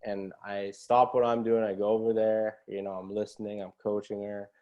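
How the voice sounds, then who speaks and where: Fairly low and level, this man's voice moves at a normal speed, though the audio sounds dull. He's a guest on a podcast, sharing a story casually in an earnest, motivational tone. Many of his phrases end with an inquiring "right?".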